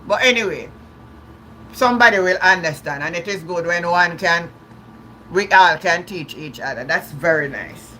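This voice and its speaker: A woman chats loosely with viewers on a livestream, restarting her sentences and laughing along the way. Her voice is bright and ringing, with a faint hiss behind it. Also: lowish voice, expressive, moderate pace. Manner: chatty, repeats and restarts words, laughs often. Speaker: livestream host. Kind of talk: casual live-stream chat.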